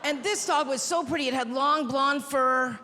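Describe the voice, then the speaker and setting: A woman's voice: high voice, moderate pace, pushed and bright. A woman doing a stand-up comedy routine with a brash, self-mocking, punchy delivery. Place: large theater stage. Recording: live hall with crowd noise. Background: laughing, cheering audience.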